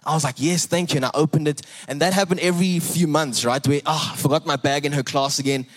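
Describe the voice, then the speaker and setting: A young man preaching a sermon, earnest and animated, repeating words and rising for emphasis. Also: a little high, quick pace. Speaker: pastor.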